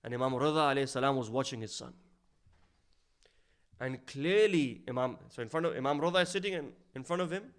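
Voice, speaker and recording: A man's voice: fairly quick, clear, resonant tone. Man preaching a storytelling sermon. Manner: storytelling, drops to a low hushed voice for sad quotes; rises louder when stressing points. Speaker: speaker at an Islamic centre.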